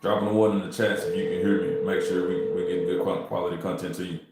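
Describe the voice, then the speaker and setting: Heavy background noise and strong echo fill this home-room livestream, where a Texan man makes cold calls as a real estate wholesaler. His low voice is flat and quick, and he banters casually with the chat in slang.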